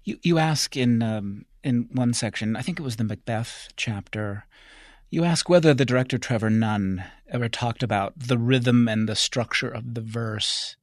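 A man hosting an interview, asking measured questions and laughing easily. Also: medium pitch, no echo, studio quality. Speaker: interviewer and host. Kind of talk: radio-style interview.

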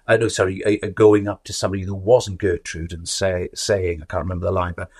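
A man's voice: deep voice, level tone, fast, darkish tone, slightly rough, no echo, studio quality. A middle-aged man speaking in a conversational interview, thoughtful and rambling, with frequent restarts. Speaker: guest, actor and author.

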